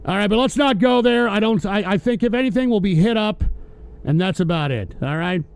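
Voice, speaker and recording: Man, high voice, dry close mic: foul-mouthed, sarcastic political host ranting at his chat. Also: lively intonation, a little fast, vocal fry, clean tone, no echo. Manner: angry, swearing, sarcastic. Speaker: host of a political call-in show. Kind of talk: profane political rant.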